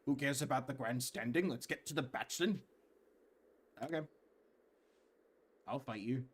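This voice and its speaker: A man's voice: medium pitch, moderate pace, breathy edge. A man casually commenting on a live game stream, rambling into joking asides. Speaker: gaming streamer.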